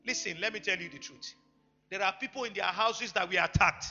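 A man preaching a sermon, emphatic, swinging between loud bursts and quiet asides. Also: high-pitched, brisk. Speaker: pastor. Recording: echoey hall, dull lo-fi sound, faint music.

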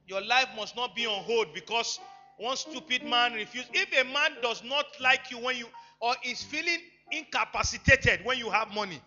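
A man preaching a sermon, emphatic, swinging between loud bursts and quiet asides. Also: extremely high pitch, animated, moderate pace. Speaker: pastor. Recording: echoey hall, dull lo-fi sound, faint music.

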